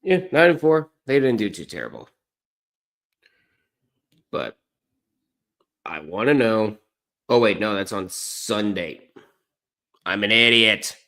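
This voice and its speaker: A man's voice: lowish voice, very animated, slow pace, long pauses. A man chatting casually on a live stream as he watches college basketball, rambling, correcting himself and poking fun at himself. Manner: rambling, self-correcting, self-deprecating.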